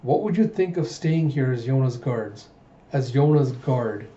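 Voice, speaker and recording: Man doing a gentle mild old king, soft soothing delivery, roomy dull recording. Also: mid-range voice, lively intonation, measured pace, lightly acted. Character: gentle, mild-mannered older male king.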